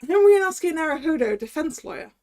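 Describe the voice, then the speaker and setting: A woman's voice: high-pitched, very animated, brisk, warm tone, slight background noise, voice pushed up. Woman reading a polite young lawyer. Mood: polite, nervous. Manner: polite, hesitant. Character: polite young male Japanese defense lawyer.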